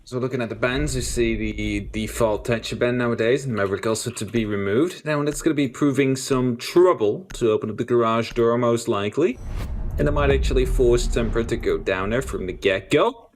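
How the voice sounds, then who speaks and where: A man's voice: medium pitch, slight background noise. A man casting a live esports match, joking and poking fun at his own slips. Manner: joking, self-mocking, quick to laugh at his own slips. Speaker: esports caster. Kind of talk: live game commentary.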